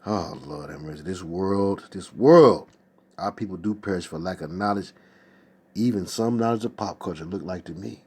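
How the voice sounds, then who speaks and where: This host chats casually on a stream from his home desk, reading out viewer comments, exclaiming and tossing in asides. He speaks at a moderate pace in a low, darkish voice with a breathy edge.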